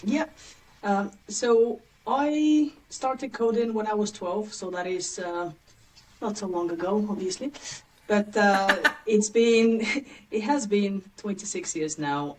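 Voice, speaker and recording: A woman's voice: lowish voice, distant mic, slight background noise, rough recording. Bulgarian-accented woman, a bit off-mic. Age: late 30s. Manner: chatty, laughs often, quick asides. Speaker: guest, agency founder. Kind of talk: casual interview chat.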